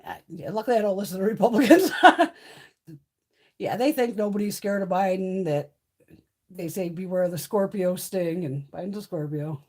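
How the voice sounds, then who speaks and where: A woman in her fifties chatting casually on a live stream, blunt, profane and animated. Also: mid-range voice, moderate pace. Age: 50s. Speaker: beauty livestream host.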